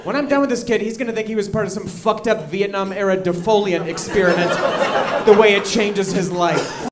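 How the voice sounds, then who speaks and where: A man telling a stand-up story in a comedy club, lively and mock-outraged. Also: high-pitched, fairly quick. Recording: loud background noise.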